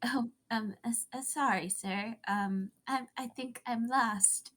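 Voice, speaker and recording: A woman's voice: a little high, takes it slowly, fairly bright tone. A woman voicing a frail, confused old woman who stammers and sounds lost in a tabletop game. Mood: timid. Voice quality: frail, hesitant, faltering.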